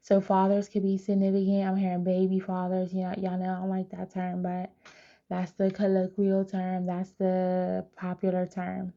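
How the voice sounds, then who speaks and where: A woman giving a live psychic reading, chatty and animated, talking straight to her viewers. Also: on the low side, moderate pace, highs cut off. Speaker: tarot reader.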